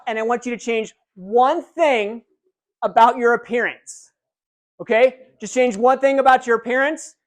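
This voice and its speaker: A man giving a live motivational keynote, energetic and interactive, calling out to a big audience in a large hall. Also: extremely high pitch. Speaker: keynote speaker.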